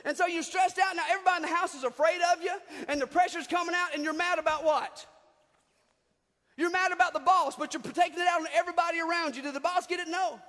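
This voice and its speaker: A man preaching a comedic sermon in a church hall, his voice very high and bright. He is animated and breaks into shouted bursts. The sound carries a long hall reverb. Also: fast talker. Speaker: pastor. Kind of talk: comedic sermon with acted outbursts.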